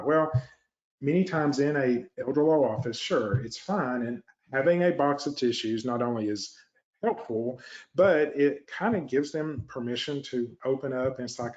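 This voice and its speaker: A man of middle pitch teaching fellow attorneys how to set up an office, chatty and practical, slipping into quick acted-out client reactions. The sound is a bit dull and muffled. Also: darkish tone. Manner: conversational, acts out client reactions in quick asides. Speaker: elder law practice coach. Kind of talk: instructional talk to lawyers.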